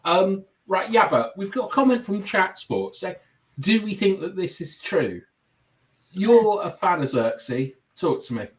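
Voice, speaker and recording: Podcast host, male, teasing and exasperated, lively up-and-down delivery. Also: high-pitched, a little slow. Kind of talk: casual chat.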